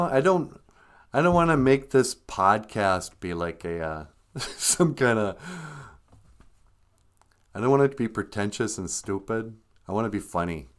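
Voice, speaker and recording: A man hosting a livestream, chatting casually in a rambling, self-deprecating way. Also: fairly low pitch. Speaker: livestream host. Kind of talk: casual comedic chat.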